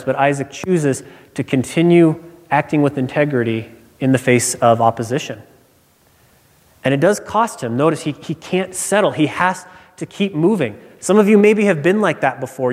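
Pastor preaching in a reverberant hall. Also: male voice, medium pitch. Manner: conversational preaching with personal anecdotes. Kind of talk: sermon. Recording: long reverb of a large hall.

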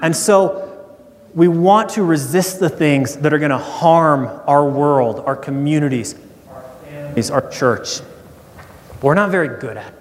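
A man's voice: fairly high pitch, measured pace, big-room sound. A man preaching a sermon as pastor, conversational and storytelling.

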